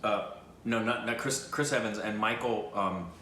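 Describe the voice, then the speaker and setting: A man's voice: lowish voice, steady tone, normal speed. A man co-hosting a reaction video, chatting casually and eagerly agreeing. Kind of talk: casual chat. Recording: echoey room with faint noise.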